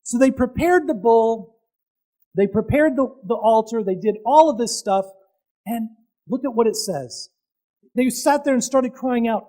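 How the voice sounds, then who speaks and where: A man preaches a sermon to his congregation in a high-pitched, expressive voice, telling the story with dramatic pauses, loud peaks and casual asides to the audience. The recording quality is low.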